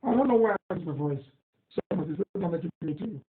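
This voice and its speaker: Talking fast over a noisy background, a man with a high-sitting, expressive voice and a Nigerian accent reads listener messages during a live radio broadcast. He is emphatic, indignant and repetitive. The recording sounds tinny, like a phone, in an echoey room.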